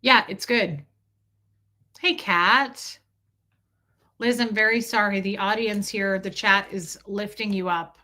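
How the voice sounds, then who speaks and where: An animated woman host chatting casually with her live audience, telling stories with laughter and reading comments aloud. Her voice is bright and forceful. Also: mid-range voice, takes it slowly, long pauses. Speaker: livestream host.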